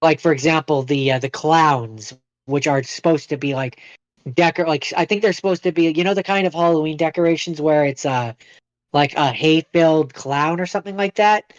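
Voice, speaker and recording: A man co-hosting a podcast, chatting casually in a halting way with many hedges and fillers. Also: fairly high pitch, dry recording, highs cut off. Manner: halting, hedging, lots of fillers. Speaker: podcast co-host. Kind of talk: casual chat.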